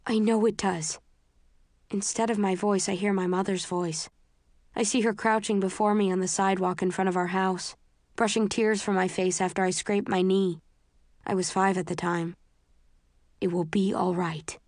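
A woman narrating a story in the first person, in a measured, tense, understated way, close to the mic. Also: mid-range voice, little pitch movement, darkish tone, no room sound. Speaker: audiobook narrator.

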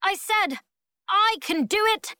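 A woman voicing a shy, soft-spoken teenage boy musician in an audiobook. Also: extremely high pitch, wildly swooping pitch, takes it slowly, dry recording, studio quality, voice pushed up, heavily acted. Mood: eager.

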